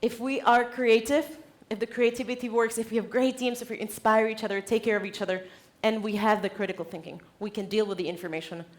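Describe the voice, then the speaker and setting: A woman giving a conference keynote on stage, direct and lively, laughing often. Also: a little high, quick pace, hardly any pauses. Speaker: conference speaker.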